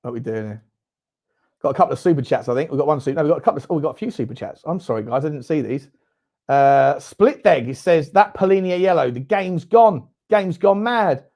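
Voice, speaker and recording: A young man hosting a live football watchalong, reacting loudly, swearing and shouting at the game. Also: on the high side, animated, brisk. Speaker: fan channel host. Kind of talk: live match watchalong commentary.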